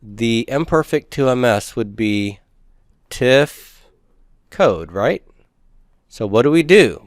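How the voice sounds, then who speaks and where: A man's voice: medium pitch, no echo, studio quality. A man teaching a recorded grammar lecture, explaining step by step and putting questions to the class, with folksy asides.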